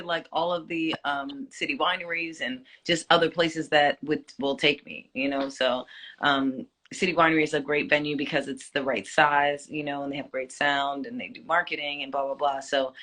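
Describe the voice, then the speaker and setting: A woman's voice: low voice, bright, forceful tone. A woman in her forties, a singer, chatting reflectively in an interview with many fillers. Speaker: singer guest. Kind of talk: casual interview chat.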